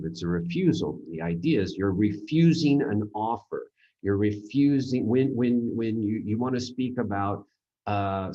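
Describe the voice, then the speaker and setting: A man teaching a grammar seminar, explaining with halting, rambling sentences full of restarts and fillers. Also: on the low side, warm tone, dull audio. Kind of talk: recorded grammar seminar lecture.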